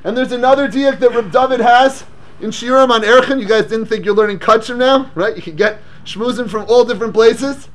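A man giving a lively Torah lecture, asking rhetorical questions and mixing English with Hebrew and Yiddish terms. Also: extremely high pitch, brisk. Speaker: rabbi teaching Torah class.

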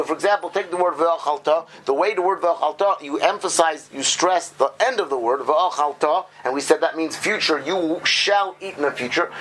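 A man's voice: a little high, a bit bright, a little hiss or hum, poor audio. A man teaching a small group how to read and stress words in prayer texts, explaining step by step and often stopping to restart his sentences. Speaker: Hebrew reading teacher. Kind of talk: informal lesson to a small group.

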